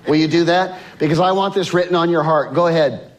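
Emphatic preaching man, fairly high voice. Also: brisk, a crowd in the background. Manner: preaching with emphatic swings in pitch and pace, asks the congregation to repeat lines. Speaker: pastor. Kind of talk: sermon. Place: church sanctuary with congregation. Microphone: microphone.

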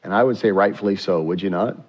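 A man's voice: deep voice, quick pace, highs cut off. A man preaching a sermon, asking the congregation rhetorical questions and acting out scripture quotes with a rising voice. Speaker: pastor.

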